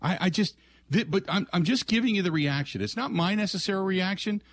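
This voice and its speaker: A man's voice: high voice, expressive. A man hosting a sports call-in radio show, thinking aloud with frequent restarts and trailing phrases. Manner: musing, halting, many restarts.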